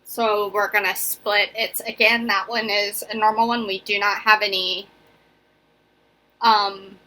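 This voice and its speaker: A woman's voice: mid-range voice, little pitch movement, measured pace, sharp tone. A young woman teaching a casual video phonics lesson, chatty and encouraging, often checking in with "right?" and "okay?". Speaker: elementary school teacher.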